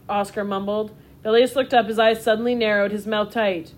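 A woman narrating a children's storybook in a steady, expressive reading voice. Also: on the high side, normal speed, few pauses.

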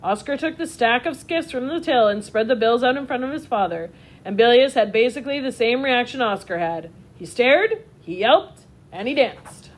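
A woman narrating a children's storybook in a steady, expressive reading voice. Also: on the high side, normal speed.

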